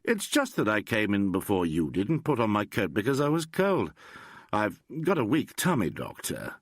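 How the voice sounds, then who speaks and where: A man's voice: lowish voice, huge pitch swings, moderate pace, dry recording, studio quality, heavily acted. A man voicing a blustering, peevish middle-aged male traveller who talks brusquely and dismissively. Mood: irritable.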